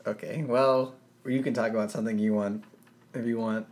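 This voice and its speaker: A man's voice: on the low side, fairly even intonation, normal speed, darkish tone. A young man co-hosting a casual podcast chat, needling his friend with dry teasing. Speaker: podcast co-host.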